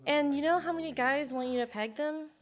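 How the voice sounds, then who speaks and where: A woman's voice: sits high, a little fast. A woman telling a story in a laid-back way during a casual podcast chat, with a laugh now and then.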